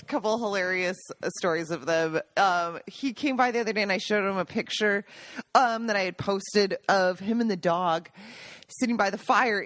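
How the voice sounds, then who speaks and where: A woman co-hosting a podcast, telling stories in a casual, animated way and laughing often. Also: mid-range voice, dry recording. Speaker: podcast co-host. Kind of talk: casual chat.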